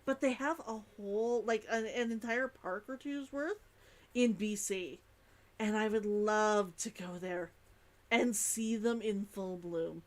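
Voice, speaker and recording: A woman's voice: mid-range voice, slow pace. A woman from Canada, chatting enthusiastically while streaming a game, often laughing and repeating herself. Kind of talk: casual gameplay chat.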